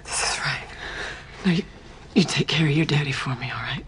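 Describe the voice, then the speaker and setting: A woman's voice: sits low, a little fast, fairly bright tone, slight background noise. A dying mother whispering goodbye through tears. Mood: tender whisper. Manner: tearful, whispered, breaking into sobs. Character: dying young mother saying goodbye to son. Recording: clip with music behind. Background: music.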